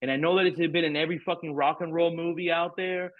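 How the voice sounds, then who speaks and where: He talks fast, his voice on the high side with fairly even intonation: a middle-aged podcast guest telling a candid, rambling story, cursing freely and heaping up fillers in a frank, profane manner. The dry recording sounds tinny and phone-like.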